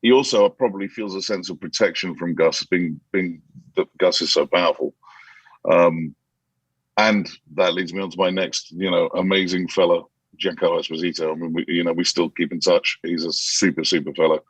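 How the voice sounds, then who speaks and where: A man, an actor guest in a casual interview, telling animated anecdotes with many restarts and acting out quotes. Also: low voice, normal speed, breathy edge, dry recording, poor audio.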